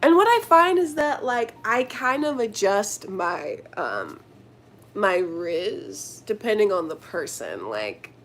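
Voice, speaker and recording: A woman's voice: medium pitch, big pitch swings, slow, a bit bright, a little hiss or hum. A young woman chatting casually to her viewers, telling a story with lots of slang, fillers and giggles. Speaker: vlogger answering viewer questions.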